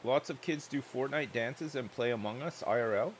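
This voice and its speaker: A man's voice: mid-range voice, normal speed, slight background noise. A man chatting loosely and joking while livestreaming a game, rambling from one thought to the next. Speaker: streamer.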